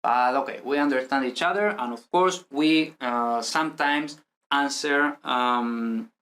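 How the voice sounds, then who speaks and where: A man explains basics to beginners in an easygoing, conversational way. He keeps checking in with listeners through little tag questions and loose fillers. His pitch sits in an ordinary middle range. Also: a little slow. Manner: relaxed, chatty explaining with frequent tag "no?". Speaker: Spanish teacher. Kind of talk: explanatory online language lesson.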